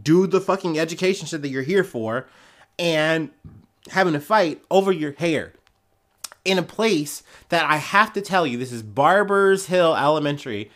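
A man's voice: fairly high pitch, moderate pace, fairly bright tone. Heated, profane young man ranting. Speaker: podcast host. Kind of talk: casual solo commentary.

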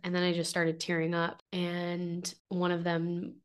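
A woman's voice: lowish voice, completely flat delivery, a little slow, clean tone. A young adult woman hosting a podcast, talking in an earnest, heartfelt personal monologue, emotional and close to tears, with many fillers and restarts. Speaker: podcast host.

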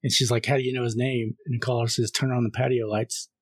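A man co-hosting a film podcast, casually recapping a horror movie scene by scene and reading the caller's lines flatly. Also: medium pitch, quick pace, breathy edge, no echo. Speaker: podcast co-host.

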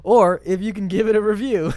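A man's voice: high voice, a little fast, a little mellow, no room sound, studio quality, pitched above the performer's own voice, natural voice. A man putting on an exaggerated Texas accent to read a listener's letter on a podcast. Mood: hammy. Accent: put-on Texas accent. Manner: exaggerated, laughing through the reading. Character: man in a hammy cowboy Texas drawl. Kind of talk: reading a listener letter in a put-on voice.

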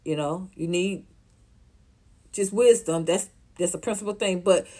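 A woman, ranting casually to her livestream viewers, profane and animated, often laughing. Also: lowish voice, a little slow. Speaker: vlogger reacting to viewer comments.

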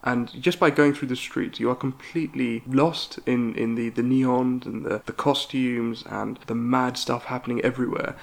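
A young man co-hosting a podcast, telling lively stories with frequent laughter. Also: mid-range voice, normal speed, creaky, few pauses. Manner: animated storyteller, laughs often. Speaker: podcast co-host. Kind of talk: casual chat.

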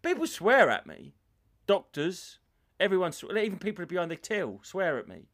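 A man's voice: high voice, huge pitch swings, normal speed, a bit bright, no echo, clean studio sound. A middle-aged man with a rambling, anecdotal way of talking, co-hosting a casual podcast chat. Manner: rambling storyteller, puts on voices in anecdotes. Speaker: podcast co-host.

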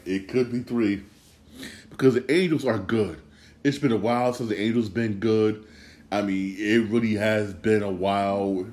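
Male podcast host, low voice, rambling and heated, roomy echo. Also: darkish tone. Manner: rambling, repeats himself, gets worked up. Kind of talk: casual sports talk.

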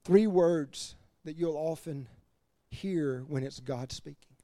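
Animated, high-voiced preaching pastor. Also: male voice, slow pace, no echo, clean studio sound. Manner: animated, laughs between points, drops to quiet emphasis. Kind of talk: sermon.

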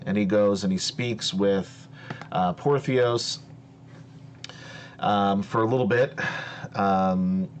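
Slow, deep-voiced male game master. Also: a little hiss or hum. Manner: slow, hesitant narration with many fillers. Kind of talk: narrating a tabletop game.

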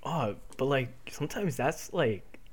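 Young male guest, lively intonation, laid-back jokey chat. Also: mid-range voice, measured pace, a loud crowd. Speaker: podcast guest. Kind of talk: casual chat.

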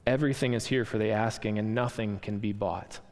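A man voicing a calm, gentle spirit who answers patiently in a lowered, soft voice. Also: fairly quick, lightly acted. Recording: long hall reverb.

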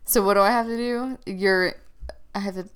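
A woman's voice: medium pitch, steady tone, normal speed, smooth. A woman co-hosting a podcast, giggling and easily amused in casual chat. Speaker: podcast co-host.

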